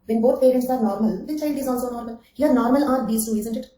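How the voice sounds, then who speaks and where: A woman's voice: a little high, fast, dark tone, roomy sound, a little hiss or hum, poor audio. A woman giving an online exam-coaching lecture, repeating key phrases, checking with "okay?" and calling on students by name. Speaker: anthropology teacher.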